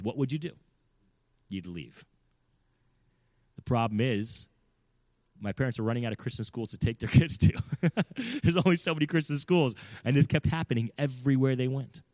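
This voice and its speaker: A man with a fairly low voice tells a personal story and gives advice, earnest and emphatic. He keeps turning to the listener with questions. The sound is dry and close, with no room echo. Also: darkish tone. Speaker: speaker giving parenting advice. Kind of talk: storytelling talk.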